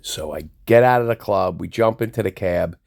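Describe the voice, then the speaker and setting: A man telling a personal nightlife story in a casual, animated way, acting out the voices of people he quotes. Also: deep voice, moderate pace, vocal fry.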